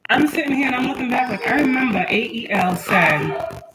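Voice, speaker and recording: A woman's voice: a little high, expressive, a little fast, a loud crowd, low-quality recording. A young woman, chatting on a home livestream as a spiritual reader and laughing as she talks to her kids. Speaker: spiritual reader and channel host. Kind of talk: casual livestream talk.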